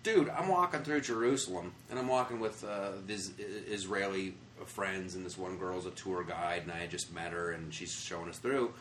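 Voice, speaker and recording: An American man, a comedian, telling travel stories in a casual interview, animated and profane, acting out the people he quotes. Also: deep voice, normal speed, hardly any pauses, reverberant, a little hiss or hum. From United States. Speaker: comedian guest. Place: comedy club after a show.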